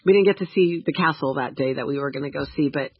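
Brief: woman podcast co-host, lively storyteller, husky voice, dry dull sound. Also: low-pitched, quick pace, no room sound. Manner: animated storyteller, laughs often, acts out quotes. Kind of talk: casual chat.

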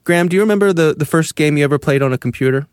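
A man co-hosting a podcast, musing aloud in casual chat at a measured, thoughtful pace. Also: a little high, no room sound, clean studio sound. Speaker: podcast co-host.

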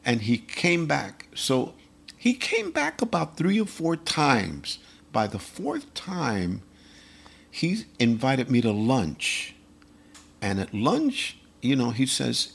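A man with a gravelly, slightly husky voice recounts old stories in an interview. His pitch swings up and down as he acts out each exchange between people, and he laughs through his sentences. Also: slow pace. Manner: animated anecdote-telling with quoted dialogue and chuckles. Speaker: guest musician, percussionist and vocalist. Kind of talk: storytelling in a casual interview.

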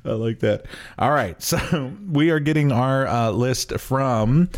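A man's voice: mid-range voice, slow. A man hosting a podcast in casual chat, rambling and poking fun at himself as he talks. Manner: rambling, self-mocking, trails off and restarts. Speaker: podcast host.

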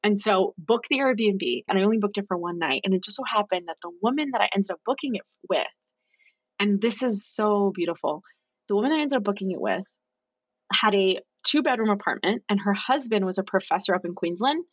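A young woman with a husky, slightly breathy voice tells her story as a podcast guest, lively and chatty, jumping into quoted voices of herself and her friends. The sound is dry and a little dull, with no room around it. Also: mid-range voice, fairly quick, no room sound. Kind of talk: casual storytelling interview.

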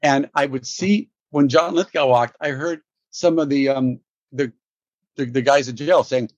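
A man, a guest actor, telling stories in an interview, animated and laughing, with many restarts. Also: a little high, unhurried, pauses often, no room sound, dull audio. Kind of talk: storytelling interview.

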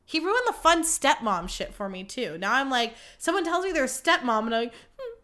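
A young woman talking alone into her podcast mic, her voice bright and fairly high. She rants about dating with big dramatic swings, from loud exclamations down to low mutters, and swears freely while mocking herself. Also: big pitch swings, brisk. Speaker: podcast host. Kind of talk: candid solo podcast monologue.

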